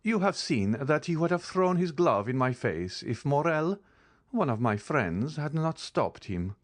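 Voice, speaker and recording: A man reading an audiobook, voicing a calm, commanding count with bitter irony. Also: on the high side, measured pace, no echo, pitched above the performer's own voice. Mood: cold. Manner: calm, icy, ironic. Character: cold, commanding male count, bitterly ironic. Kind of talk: audiobook character voice.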